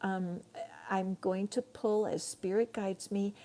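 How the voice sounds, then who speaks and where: A woman's voice: medium pitch, fairly even intonation, takes it slowly, dark tone. A middle-aged woman giving a live tarot reading, chatty and rambling, talking straight to her viewers. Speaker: tarot reader.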